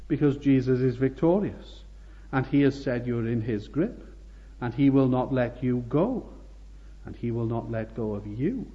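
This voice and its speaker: A man preaching an expository sermon, earnest and emphatic, climbing on key phrases and dropping low at the ends of thoughts. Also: big-room sound. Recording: muffled, lo-fi recording.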